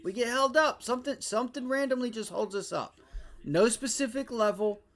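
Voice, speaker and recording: A man's voice: extremely high pitch, normal speed, a bit bright. A man hosting a live day-trading stream, talking viewers through charts with profane, exasperated rants and repeated phrases. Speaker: day-trading livestream host.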